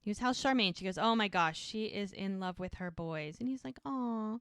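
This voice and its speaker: A woman's voice: mid-range voice, normal speed, a bit bright, clean tone, dry recording, clean studio sound. A woman co-hosting a podcast, casually retelling a TV episode by quoting the characters' lines in turn. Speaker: podcast co-host.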